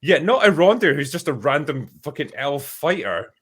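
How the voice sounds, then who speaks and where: A man's voice: fairly high pitch, big pitch swings, normal speed, slightly rough. A man hosting a casual podcast chat, exasperated and sweary as he picks apart a show. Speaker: host.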